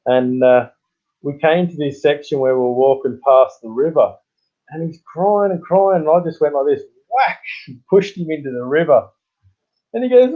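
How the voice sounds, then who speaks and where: A man's voice: on the high side, expressive, moderate pace. An Australian man hosting a casual livestream. He tells long, rambling stories and chuckles often. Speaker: livestream host. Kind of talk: casual live-stream chat. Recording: tinny phone-like sound.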